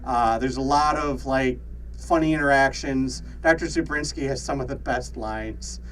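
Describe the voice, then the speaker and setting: A man's voice: medium pitch, moderate pace, fairly bright tone, far from the mic, slight background noise, low-quality recording. Chatty man talking off-mic. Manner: laughs often, many fillers and restarts. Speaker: podcast co-host. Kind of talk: casual chat.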